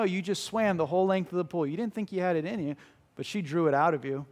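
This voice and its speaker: A man's voice: on the high side, quick pace. A man preaching a sermon in an earnest, emphatic way, repeating key phrases for weight.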